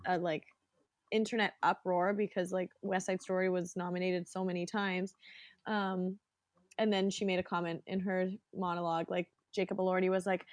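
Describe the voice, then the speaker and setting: A woman's voice: lowish voice, little pitch movement, normal speed, no room sound. A woman co-hosting a casual chat, retelling jokes with lots of fillers. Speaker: podcast co-host.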